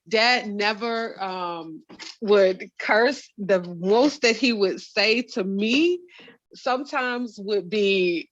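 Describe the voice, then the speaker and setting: A woman's voice: mid-range voice, extremely slow. A woman guest reminiscing casually about her father, laughing as she tells stories. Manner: laughs while telling stories. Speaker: guest, daughter of the honored man. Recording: slightly dull, lo-fi sound.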